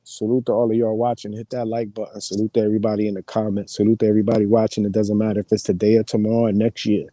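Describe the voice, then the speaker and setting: Laid-back slangy man, mellow voice. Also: fairly low pitch, level tone, rapid-fire, hardly any pauses, no room sound. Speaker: live streamer. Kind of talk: casual live-stream chat.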